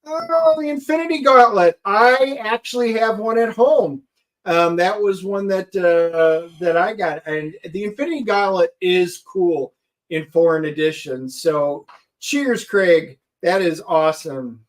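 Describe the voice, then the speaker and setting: A man's voice: high-pitched, a little slow. A man co-hosting a casual chat show, teasing and joking, rambling with restarts. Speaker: co-host.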